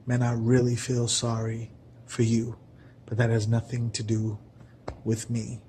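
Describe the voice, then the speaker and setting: A man's voice: medium pitch, completely flat delivery, unhurried, mellow, slight background noise, lightly acted. A man voicing an unbothered farm chicken, politely dismissive.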